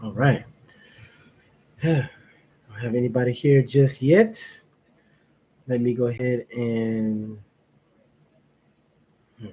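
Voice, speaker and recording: A man's voice: mid-range voice, steady tone, slow, long pauses, mellow, slight background noise. A man hosting his first livestream, chatting casually and nervously with viewers, greeting them by name and laughing often. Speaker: livestream reaction host.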